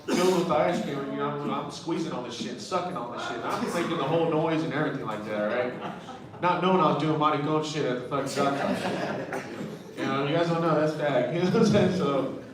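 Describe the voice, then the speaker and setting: A man's voice: a little high, a little fast. A young man doing stand-up comedy, telling loose, profane stories full of fillers in a club. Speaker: stand-up comic and emcee. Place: comedy club stage with live audience. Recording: very echoey room, far from mic, crowd.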